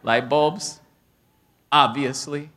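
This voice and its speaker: A middle-aged man preaching a sermon, who tells stories about home with humor and rises to shouts when he gets excited. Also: mid-range voice, very slow. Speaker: pastor.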